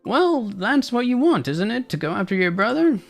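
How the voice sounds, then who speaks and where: A man voicing a kindly old grandmother with a tender, gentle manner while playing through a game. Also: high voice, big pitch swings, moderate pace, creaky, faint music behind, voice pushed up, exaggerated voice. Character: kindly old grandmother who raises the hero.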